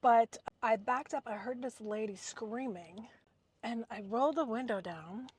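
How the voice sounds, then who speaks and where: A woman's voice: a little high, unhurried, slight background noise. A woman vlogger chatting casually in a car, telling a neighbor story and acting out the people in it. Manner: animated, acts out quoted people.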